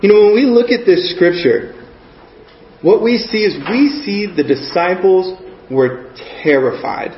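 A man's voice: sits high, expressive, unhurried, a little hiss or hum. A man giving a conversational sermon, earnest and often checking in with his listeners. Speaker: preacher. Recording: echoey muffled room recording.

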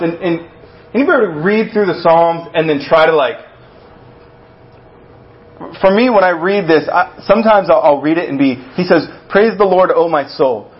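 Guy giving a chatty sermon, kinda high voice, muffled lo-fi recording. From Texas. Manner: conversational and storytelling, with many restarts and acted-out quotes. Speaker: preacher.

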